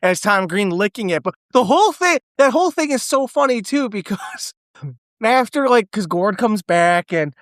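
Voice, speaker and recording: A podcast co-host retelling scenes excitedly, often laughing and swearing. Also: mid-range voice, moderate pace, no room sound, clean studio sound. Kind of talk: casual film discussion.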